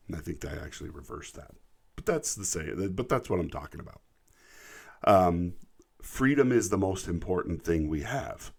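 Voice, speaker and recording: A man's voice: low-pitched, lively intonation, moderate pace, vocal fry, a little mellow, husky. A man from the United States, a truck driver, ranting in an indignant, emphatic commentary, repeating words when worked up.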